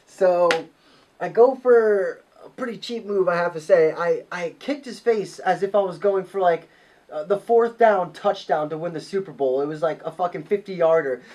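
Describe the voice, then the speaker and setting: A high-pitched male voice, well above the usual range for a man, carries this casual podcast storytelling. He is profane and excitable, piling on detail as the story builds. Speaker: podcast host.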